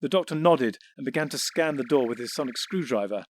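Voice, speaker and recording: A man's voice: medium pitch, animated, a little hiss or hum. Man narrating an audiobook. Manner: measured, descriptive storytelling. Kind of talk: scripted narration.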